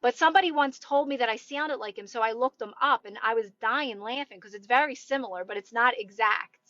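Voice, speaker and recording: Talking a little fast in a fairly high, sharp voice, a thirty-something TikTok live host with a Delaware County accent from the Philadelphia area rambles and says hello to her viewers. The phone recording is dry and lo-fi.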